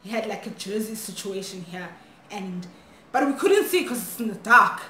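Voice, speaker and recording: Animated woman storyteller. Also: mid-range voice, moderate pace. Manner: animated, switching languages mid-sentence. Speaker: vlogger. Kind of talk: storytime vlog. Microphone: phone camera. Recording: echoey room, faint noise.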